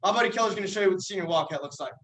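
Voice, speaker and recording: A young man, a yell leader, explaining chants with a folksy, teasing delivery. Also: high-pitched, rapid-fire. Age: young adult. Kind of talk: joking instructional talk. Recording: echoey room from far off.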